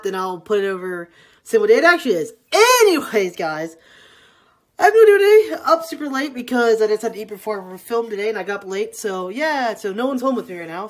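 A woman's voice: medium pitch, fairly bright tone. A woman talking in a casual, rambling way as she films a daily vlog at home, with plenty of "like" and loose asides. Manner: chatty and rambling, full of "like". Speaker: daily vlogger. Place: home indoors, rainy day.

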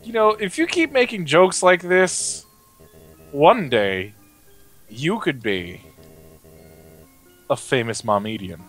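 A big, kindly goat king, as a man puts him on, soft-spoken and fond of his wife. His voice rises and falls in lively swoops over faint game music. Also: on the high side, slow pace, long pauses, heavily acted. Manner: soft, warm-hearted, bemused. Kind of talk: reading game dialogue aloud.

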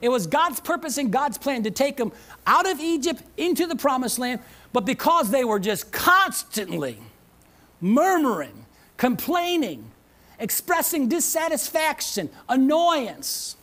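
A woman's voice: high-pitched, big pitch swings, measured pace, fairly bright tone. A woman pastor preaching a sermon at a church service. She is emphatic, repeats key phrases, calls out to the congregation for a response, and slips in playful asides with a chuckle.

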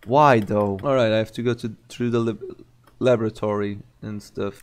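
Gamer, male, mid-pitched, swears freely and mocks the characters as he plays. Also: unhurried. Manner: profane, excitable, mocking. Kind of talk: gameplay commentary.

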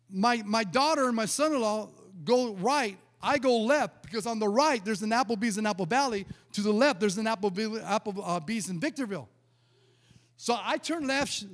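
High-voiced storytelling pastor in a reverberant church. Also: male voice. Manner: animated storyteller, acts out dialogue, repeats words. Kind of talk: sermon with storytelling.

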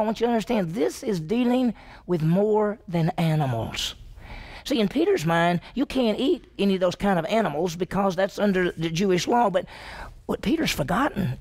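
A man's voice: high-pitched, gravelly, darkish tone. A male pastor, preaching a conversational sermon in a folksy, down-home way, retelling scripture scenes in his own words. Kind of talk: expository sermon with acted-out retellings.

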